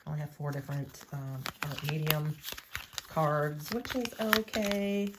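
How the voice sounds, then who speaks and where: Chatty, playful woman with low voice. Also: steady tone, a little slow, noisy background. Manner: chatty, playful, talks to herself while working. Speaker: nail art vlogger. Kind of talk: casual chat to camera.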